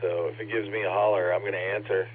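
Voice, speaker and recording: A tired man checking into an amateur radio net, polite and unhurried. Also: sits low, flat delivery. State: tired, short on sleep. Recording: narrow, lightly hissy radio transmission.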